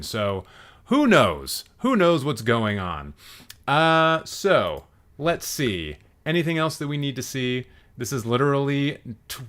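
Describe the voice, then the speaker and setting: A man's voice: medium pitch, pushed and bright. A man hosting a comedic live stream, reading the chat with mock-menacing, profane, playful rants. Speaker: livestream host.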